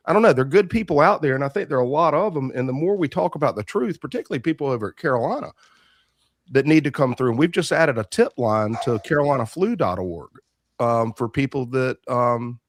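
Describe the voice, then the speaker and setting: A man with a middle-pitched voice hosting a casual podcast, rambling and animated, often tossing questions to his guest. His voice sits close and dry on the mic. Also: no echo. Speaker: podcast host.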